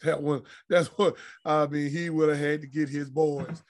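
A man's voice: fairly high pitch, moderate pace. A middle-aged man, a retired athlete and podcast guest, telling profane, blunt stories in a casual interview. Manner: profane, blunt, animated anecdotes. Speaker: retired pro basketball player, guest.

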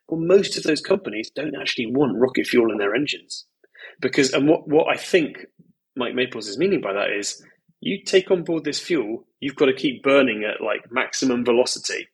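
Brief: male investor guest, frank and emphatic, a little husky, loose filler-heavy talk. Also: mid-range voice, animated, brisk, poor audio. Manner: candid, emphatic, peppered with "you know" and "like". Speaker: venture capital investor, guest. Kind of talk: podcast conversation.

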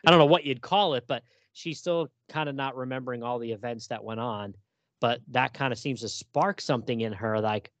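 A man co-hosting a casual film discussion, animated, laughing often and acting out characters' lines. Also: medium pitch, brisk, dry recording, dull audio. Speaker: podcast co-host.

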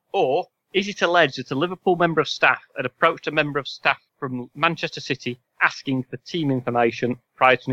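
Bright-voiced quiz host. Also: male voice, medium pitch, no room sound, dull audio. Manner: wry, sarcastic asides. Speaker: podcast host and quizmaster. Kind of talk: casual chat quiz.

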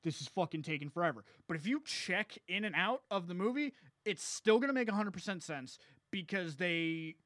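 High-voiced laid-back man recapping movies. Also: lively intonation, normal speed, fairly bright tone, dry recording, studio quality. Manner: laid-back, recapping plots step by step, swears casually. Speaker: podcast co-host. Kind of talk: casual movie-review chat.

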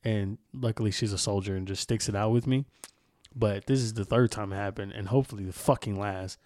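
A man's voice: lowish voice, a little fast, a little mellow, no echo, studio quality. A young man hosting a casual podcast, telling a story in a candid, rambling way with lots of swearing. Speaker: podcast host.

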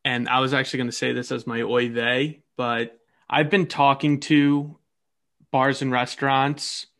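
A man co-hosting a casual podcast, talking in a rambling, halting way with many restarts. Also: mid-range voice, flat delivery, a bit bright. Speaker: podcast co-host.

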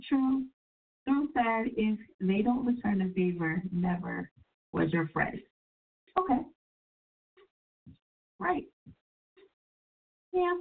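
A woman hosting a call-in radio show while sick, talking in a loose, chatty, profane way and jumping into high-pitched voices when she quotes people. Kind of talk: casual call-in radio talk. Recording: distant, phone-like radio audio.

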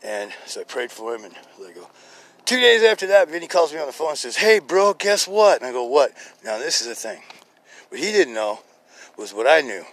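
A man on a podcast spins a loose, chatty story about prayer and healing. He swings from quiet, near-whispered asides to loud, excited quoted lines, laughing often along the way. It sounds recorded on a phone outdoors. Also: medium pitch, a little fast. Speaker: podcast host telling a testimony. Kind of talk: rambling casual storytelling. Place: outdoors in a neighborhood, birds and a dog nearby.

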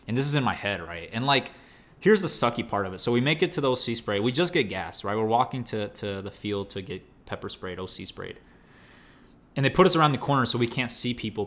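A young man telling a story in casual, animated speech, full of slang, fillers and restarts. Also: on the low side. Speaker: storyteller recounting training.

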